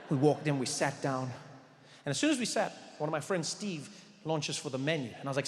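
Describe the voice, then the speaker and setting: A middle-aged man doing stand-up with a slightly high voice, confident and animated, hitting certain words hard. The sound comes from a large venue with a long hall echo and a faint hum of ambience. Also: fairly quick. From South Africa. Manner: animated and confident, with bursts of loud emphasis. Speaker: stand-up comedian. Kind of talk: stand-up storytelling. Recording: live show with long hall reverb.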